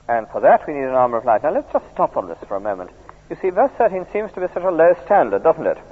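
Middle-aged man, sermon, husky voice, long church echo. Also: fairly high pitch, big pitch swings, fast. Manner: keeps drawing in listeners with tag questions. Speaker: preacher. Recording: tinny archive recording in a reverberant church.

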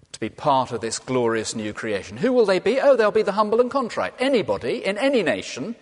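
A man preaching a sermon in a conversational way, asking and answering his own questions. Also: on the high side. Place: church. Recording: long reverb of a large hall.

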